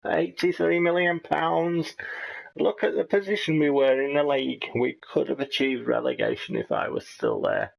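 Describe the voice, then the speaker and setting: A man putting on the voice of a boastful, washed-up male football manager with a deep, slow, smug drawl. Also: fairly even intonation, vocal fry, low-quality recording.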